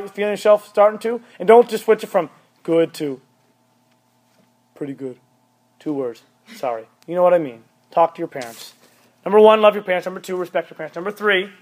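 A man preaching a sermon to young people, blunt and emphatic, often repeating his points. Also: sits high. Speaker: youth pastor.

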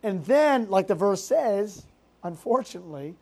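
Lively storytelling youth pastor preaching. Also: mid-range voice, a little slow, creaky. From Massachusetts, United States. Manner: lively storytelling with fillers and self-interrupting asides. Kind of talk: youth group sermon.

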